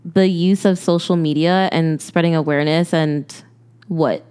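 A young woman co-hosts a casual podcast. Her voice sits low and comes across smooth and clear. She speaks earnestly and haltingly, with frequent fillers. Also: steady tone, a little mellow. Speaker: podcast co-host.

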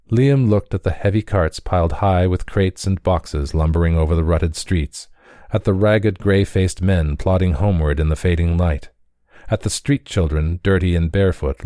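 Story reader, man, low dark voice, dry close sound. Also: normal speed, no echo. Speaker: audiobook reader. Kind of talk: scripted story narration.

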